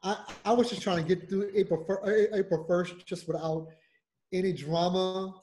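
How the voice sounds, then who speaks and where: A man co-hosting a casual podcast, telling a story in a loud, profane rant and acting out a heated phone call. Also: high-pitched, steady tone, moderate pace. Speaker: podcast co-host.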